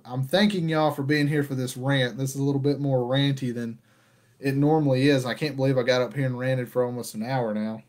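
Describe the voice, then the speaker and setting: A man's voice: mid-range voice, darkish tone. A man hosting a casual rant, talking in an exasperated, conversational way. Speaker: podcast host.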